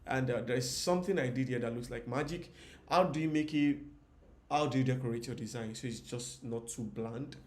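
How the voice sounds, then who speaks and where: A man's voice: mid-range voice, a little fast, hardly any pauses, a little mellow. A man teaching a live design tutorial in a chatty way, often repeating phrases and talking to viewers in the comments.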